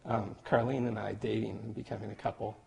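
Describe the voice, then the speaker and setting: A man recording a heartfelt, halting birthday message to his best friend, getting emotional and joking at himself. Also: fairly low pitch, level tone, gravelly, dark tone. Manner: emotional, halting, self-deprecating. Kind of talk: personal video message. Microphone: camera.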